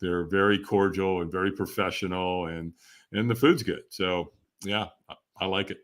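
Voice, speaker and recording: A man as a podcast guest, telling a personal story in a casual, animated way, laughing often and acting out what others said. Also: sits low, normal speed. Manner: animated, laughs often, acts out quoted voices.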